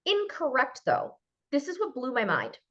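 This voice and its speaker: A woman from Minnesota with a Minnesota accent, giving an animated talk as a guest speaker on a video call and acting out little dialogues playfully. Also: high-pitched, moderate pace. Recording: muffled video call audio.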